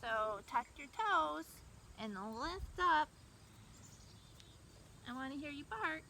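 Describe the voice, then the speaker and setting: High-pitched lady leading kids yoga, slow and gentle, far from the camera, lots of outdoor noise. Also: animated. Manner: gentle, encouraging, talks to kids directly. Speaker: kids' yoga teacher. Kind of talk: guiding a children's yoga class. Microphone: camera mic from far away. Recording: distant voice with outdoor background noise.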